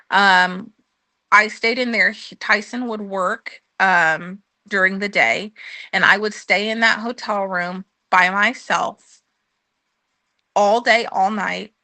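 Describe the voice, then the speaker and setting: Woman, 30s, guest giving a personal testimony; bright, earnest, close and dry mic, chatty with fillers. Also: mid-range voice, no room sound. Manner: earnest storytelling with frequent ums, acting out her own past words. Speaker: guest sharing her testimony. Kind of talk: conversational testimony.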